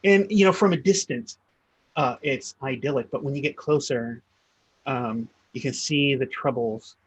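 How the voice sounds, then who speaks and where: A man's voice: mid-range voice, measured pace, husky, no room sound, rough recording. Man narrating as game master, hesitant.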